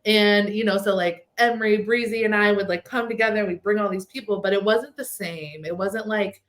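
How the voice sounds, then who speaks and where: This Texas woman is a chatty storyteller guesting on a podcast, working through a long anecdote sprinkled with "like." She talks a little fast in a mid-range voice that holds a steady tone.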